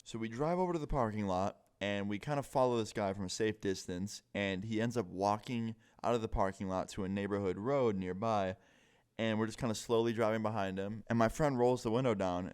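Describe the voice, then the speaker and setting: Brief: young male vlogger, lowish voice, laid-back storytime delivery full of swearing. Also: fairly quick, darkish tone, clean tone. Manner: casual, heavy swearing, lots of "like". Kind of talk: storytime monologue.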